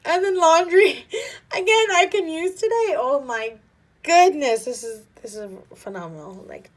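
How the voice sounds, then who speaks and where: A young adult woman hosting an unboxing vlog, gushing and excitable, often dropping to a soft near-whisper. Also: medium pitch, a little hiss or hum. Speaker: planner vlogger.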